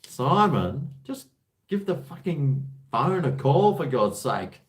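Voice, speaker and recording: A man's voice: a little high, big pitch swings, slow. A man from Australia hosting a casual live-stream chat, rambling, hesitant and swearing freely. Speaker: host.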